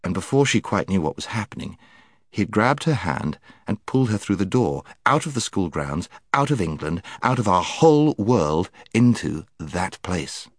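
A man reading an audiobook aloud, telling the story in a measured, expressive way. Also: deep voice, no room sound, clean studio sound. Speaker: audiobook narrator. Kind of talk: scripted narration.

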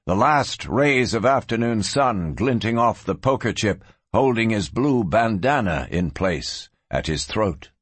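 Expressive husky male audiobook narrator. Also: lowish voice, a little slow, few pauses, dry recording. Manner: expressive, varied storytelling. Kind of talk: scripted western audiobook narration.

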